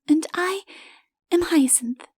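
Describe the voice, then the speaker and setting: A woman voicing a gentle, playful young princess in an audiobook, with a light, lilting, teasing delivery. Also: very high voice, slow pace, dry recording, studio quality, pitched above the performer's own voice. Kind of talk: audiobook character voice.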